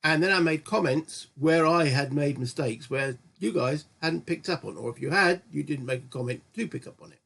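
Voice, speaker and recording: Husky man chatting over a board game. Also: a little high, normal speed, few pauses, a bit bright. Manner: chatty and rambling, often correcting himself. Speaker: host of a gaming channel. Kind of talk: casual solo board game let's-play commentary.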